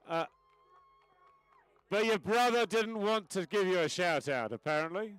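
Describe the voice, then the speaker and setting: A man announcing an equestrian event and calling races live, chatty and cheerful with rising excitement during the action. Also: sits high, measured pace, smooth, no room sound, rough recording. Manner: leads a crowd chant. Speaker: event announcer and race commentator. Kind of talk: live race commentary.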